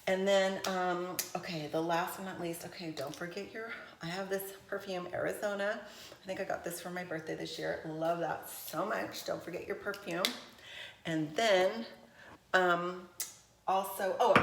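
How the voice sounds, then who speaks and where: Lower-pitched woman gushing over makeup, chatty vlog talk, kinda echoey room. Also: steady tone, unhurried, vocal fry, background noise. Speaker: beauty vlogger. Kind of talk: casual makeup tutorial chat.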